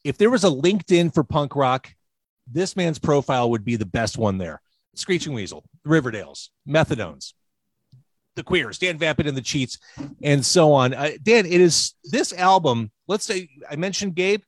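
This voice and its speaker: A man's voice: fairly high pitch, big pitch swings, moderate pace, no echo. A male host on a video call giving jokey introductions in a casual interview.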